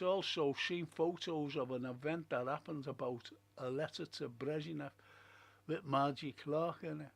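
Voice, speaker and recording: Chatting from home on a relaxed live stream, this male host has a fairly high, creaky voice and talks at a normal speed. His talk wanders as he thinks out loud and reads viewer comments aloud.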